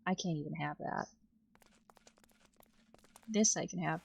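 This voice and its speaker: A woman streaming a game, talking to herself at an unhurried pace. Her voice sits low, with a husky, gravelly edge. She sounds jittery and easily spooked as she plays. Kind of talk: casual gameplay commentary.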